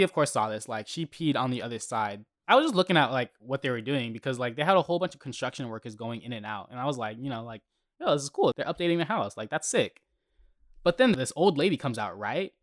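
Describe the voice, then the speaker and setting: A young man hosts a podcast and rants through his neighborhood stories. He sounds heated and animated and swears freely, at an ordinary pitch for a man. The voice comes across close and dry, with no room sound. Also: no echo. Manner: heated, profane, animated storytelling. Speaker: podcast host. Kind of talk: casual storytelling rant.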